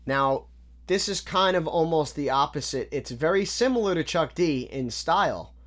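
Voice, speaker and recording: A man's voice: a little high, lively intonation, normal speed, a bit bright. A man casually breaking down rap lyrics line by line, analytical and repetitive, often restarting his sentences. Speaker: music reviewer.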